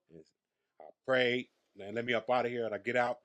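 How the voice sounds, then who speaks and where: Telling crude, swaggering stories as an interview guest, this Las Vegas comedian in his thirties speaks a little fast in a medium, slightly bright voice. His intonation stays fairly even throughout the casual chat.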